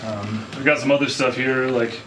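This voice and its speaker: A man who plays bass and engineers his band's sound, giving an easygoing tour of his home studio and rehearsal space. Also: steady tone, normal speed, noisy background. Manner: easygoing, explanatory.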